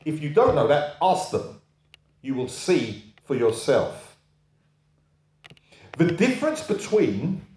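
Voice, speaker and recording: A man's voice: medium pitch, a little mellow, roomy sound. A man preaching a sermon, repeating key phrases for emphasis and putting rhetorical questions to the congregation.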